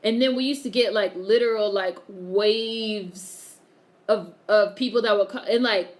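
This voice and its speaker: Speaking at a measured pace in a mid-range voice, this woman chats casually on a live stream. She reads her viewers' comments out loud, laughs regularly, and doesn't hold back on swearing.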